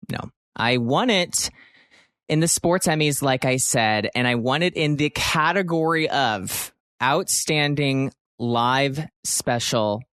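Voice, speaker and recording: A man's voice: medium pitch, fairly bright tone, clear, resonant tone, no room sound, clean studio sound. A man in his thirties hosting a comedic solo podcast, playful and theatrical, mock-boastful, with big swings in his voice. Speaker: podcast host.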